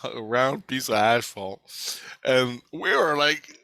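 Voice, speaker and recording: A man's voice: mid-range voice, animated, takes it slowly, creaky, pushed and bright, no echo. A middle-aged man telling a rambling, profane story from his childhood in a casual spoken way.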